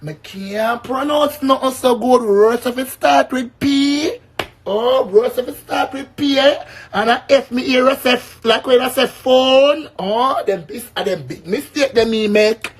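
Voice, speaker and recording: A Jamaican vlogger with a Jamaican accent rants casually to his viewers in a very high-pitched voice at a slightly slow pace. He's brash and boastful and swears often.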